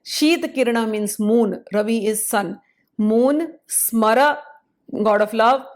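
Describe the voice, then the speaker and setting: Woman, lecturing teacher, measured, explanatory, slightly high pitch. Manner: explanatory, measured, pausing to spell out syllables. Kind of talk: spoken lecture.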